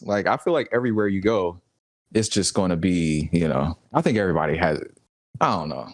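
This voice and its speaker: A man's voice: lowish voice, moderate pace, no echo, clean studio sound. A young man from the South, co-hosting a casual podcast and telling rambling stories with frequent laughter. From Southern United States. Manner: rambling storyteller, laughs often, acts out quotes. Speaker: podcast co-host. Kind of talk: casual chat.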